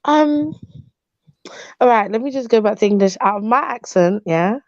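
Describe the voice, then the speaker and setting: A woman's voice: a little high, lively intonation, normal speed, no room sound. A woman hosting a live online panel in casual banter, giggling and trying out a put-on accent that keeps shifting. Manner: playfully putting on a changing accent, giggly. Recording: dull lo-fi online call audio.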